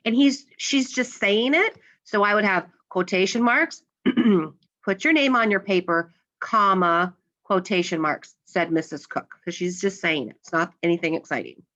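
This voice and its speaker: A woman's voice: medium pitch, moderate pace, fairly bright tone, lo-fi sound. A woman teacher explaining a grammar lesson step by step, patiently, and acting out the example lines.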